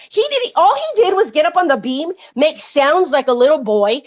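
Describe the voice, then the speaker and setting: Woman, high-pitched, angry livestream rant, constant swearing, rapid-fire complaints. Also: sing-song. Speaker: livestream host. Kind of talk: angry live-stream rant.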